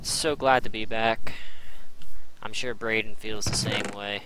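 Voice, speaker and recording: A young man hosting a casual gameplay video, excited and rambling, often tripping over his words. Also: on the low side, measured pace. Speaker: gaming channel host. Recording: noisy home recording.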